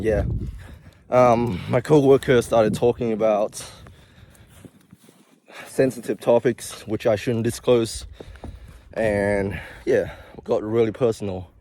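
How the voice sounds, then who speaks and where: Over a little hiss or hum, a young man who works in healthcare speaks to camera in a warm, lowish voice, winded and confessional, rambling and digressing often in his casual vlog.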